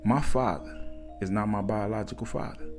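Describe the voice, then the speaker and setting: A man voicing a big, confident, well-off man who talks in a calm, smooth, reassuring way. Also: on the low side, a little fast, soft background music, natural voice.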